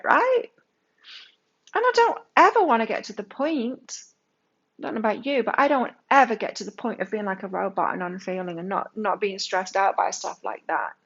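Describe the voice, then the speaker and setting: A woman's voice: medium pitch, dull audio. A woman giving a casual tarot reading to her viewers, speaking candidly and swearing now and then. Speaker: tarot reader.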